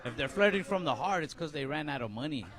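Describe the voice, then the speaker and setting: A man's voice: fairly high pitch, lively intonation, fast talker, distant mic, very noisy. A man in his twenties doing stand-up comedy, with a laid-back, mumbly delivery and stammered restarts. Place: comedy club stage. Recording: roomy live club recording with crowd laughter.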